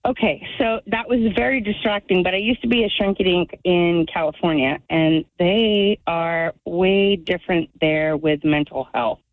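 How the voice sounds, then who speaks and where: A woman calling in to a radio show, a former therapist who talks haltingly, searching for words. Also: on the low side, no echo. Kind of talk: phone call to a radio show. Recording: tinny phone line.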